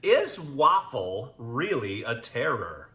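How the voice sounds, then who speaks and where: A man's voice: mid-range voice, sing-song, takes it slowly, sharp tone. Chuckling man in an echoey room. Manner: chuckling, dry joking. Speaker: podcast co-host reading listener questions. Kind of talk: casual chat.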